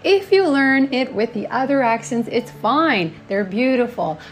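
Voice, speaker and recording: A woman's voice: a little high, lively intonation, measured pace. An American woman with a Northeast accent, teaching an unscripted English lesson in a chatty way and often checking in with listeners. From United States. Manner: chatty, checks in with "okay?" and "right?".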